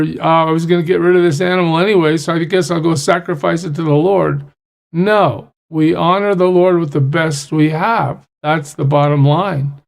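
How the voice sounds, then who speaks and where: A pastor reads scripture aloud and stops often to explain it in a plain, conversational way. His voice sits high for a man and has a gravelly edge. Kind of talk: Bible study teaching.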